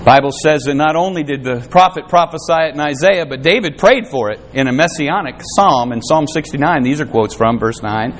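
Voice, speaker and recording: High-voiced man preaching. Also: a little hiss or hum. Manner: preaching, often in a raised voice, acting out quoted voices. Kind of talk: sermon.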